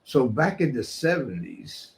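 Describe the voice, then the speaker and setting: A man's voice: mid-range voice, sing-song, measured pace, gravelly. An older man, a guest, telling street stories in a blunt, profane, streetwise way. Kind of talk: storytelling in a casual interview.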